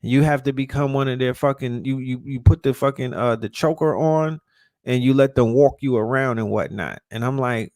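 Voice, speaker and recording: A mid-pitched man delivering a casual, heated rant full of profanity. He presses his points hard and trips over repeated words as he gets going. The recording is dry and close, with no room sound. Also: normal speed, darkish tone, dry recording. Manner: repeats and restarts words when fired up.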